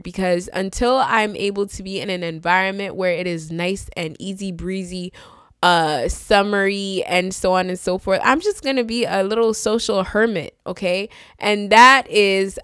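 A woman's voice: medium pitch, a bit bright, no room sound, clean studio sound. A woman in her thirties hosting a podcast, talking in a chatty, playful, sassy way. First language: immigrant with a fading accent. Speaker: podcast host. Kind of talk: casual chat monologue.

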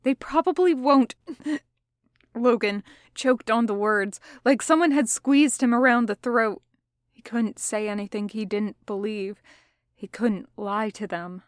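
A woman narrates a story in a steady audiobook read, speeding up where the action turns tense. Her voice sits in a middle range, recorded dry and close with no room sound. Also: medium pitch, unhurried, clear, resonant tone, no room sound. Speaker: podfic reader. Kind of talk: audiobook narration of fan fiction.

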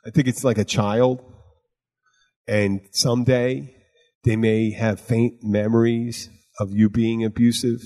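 A man's voice: medium pitch, little pitch movement, slow pace, darkish tone, long reverb tail. A man hosting a podcast in casual, rambling chat. He talks with a profane, storytelling manner and acts out both sides of conversations. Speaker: podcast host.

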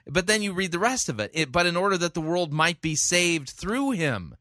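A man talks through a sermon clip with bright, somewhat high energy. He speaks casually, restarts his sentences and slips into mocking voices. The sound is dry and close to the mic. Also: normal speed, no echo. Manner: conversational, restarts, animated mock voices. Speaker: sermon reviewer. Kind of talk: commentary on a played sermon.

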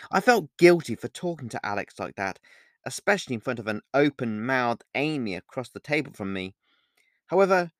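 Man narrating a novel, lively voice. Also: medium pitch, no room sound, studio quality. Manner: first-person storytelling with lively inflection. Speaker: author reading his own novel. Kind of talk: audiobook narration.

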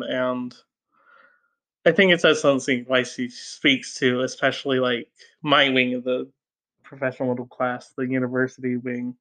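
Slow, bright-voiced man reading aloud. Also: mid-range voice. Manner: hesitant, self-correcting, many fillers and laughs at own slips. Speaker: podcast host reading a novel aloud. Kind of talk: casual audiobook reading with chatty asides.

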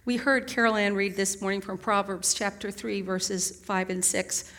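A middle-aged woman preacher delivers a sermon. She talks conversationally, with gentle humor, and asks the listeners one rhetorical question after another. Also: mid-range voice, fairly even intonation, moderate pace.

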